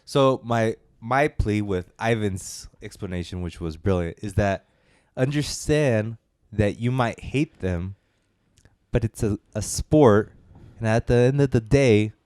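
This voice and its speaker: A man co-hosting a casual podcast, telling a story in a laid-back way and quoting others in low asides. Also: a little slow, a little mellow, no room sound, clean studio sound. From United States. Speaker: podcast co-host. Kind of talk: casual chat.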